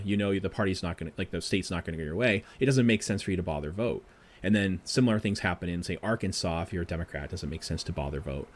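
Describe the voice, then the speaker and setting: A man with a low voice who talks very fast, answering interview questions as a professor. He explains in animated bursts, piling on quick asides and examples. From Boston area. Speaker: guest, professor.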